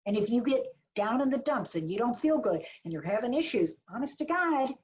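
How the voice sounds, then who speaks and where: A woman's voice: a little high, very animated, fairly quick, a little mellow, slight background noise. A woman marketing advisor giving a chatty, blunt webinar talk full of jokes and asides over a video call. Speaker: small business marketing advisor. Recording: dull lo-fi webinar audio.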